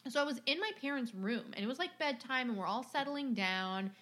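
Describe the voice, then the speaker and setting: A young woman co-hosting a podcast, telling stories in a casual, animated way, acting out family members and swearing freely. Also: high-pitched, brisk. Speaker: podcast co-host. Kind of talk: casual storytelling chat.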